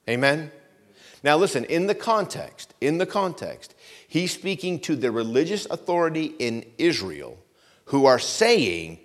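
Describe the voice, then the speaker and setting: A man's voice: fairly high pitch, big pitch swings. Earnest man preaching a sermon. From United States. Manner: swings from loud rising preaching to hushed earnest pleading; reads scripture in a slow measured cadence. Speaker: pastor.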